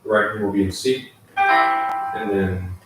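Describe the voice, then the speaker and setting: A man's voice: fairly low pitch, unhurried. Sarcastic man in an echoey room. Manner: sarcastic, joking asides. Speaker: vlogger learning piano. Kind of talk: casual vlog, reading lesson text aloud with asides. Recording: echoey room, mic far off, piano in background.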